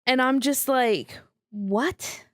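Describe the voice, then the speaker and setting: A woman's voice: medium pitch, lively intonation, normal speed, no echo, studio quality. A woman co-hosting a casual chat, tossing in short agreements and filler words. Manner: short agreeing interjections, casual, uses 'like'. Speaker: podcast co-host.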